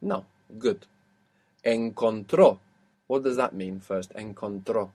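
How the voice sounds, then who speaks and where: A man's voice: lowish voice, takes it slowly, darkish tone. A man teaching a language lesson, patiently asking questions and explaining rules step by step.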